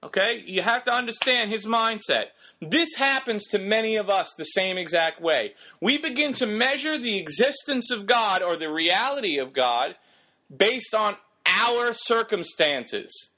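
A man's voice: high voice, animated, measured pace, pushed and bright. A man preaching a sermon in an emphatic, exhorting way, firing rhetorical questions at the congregation.

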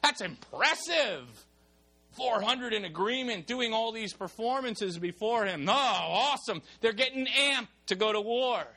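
A male preacher giving a lively sermon, reading scripture and explaining it while acting out the people in the story. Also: high voice, measured pace. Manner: animated, acts out the people in the story. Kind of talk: sermon with Bible reading and commentary.

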